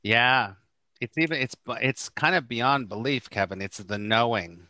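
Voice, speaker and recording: With a mid-range voice and a slightly slow delivery, a middle-aged spiritual teacher from A Course in Miracles talks informally on a podcast, acting out quoted lines with animation. No room sound is present.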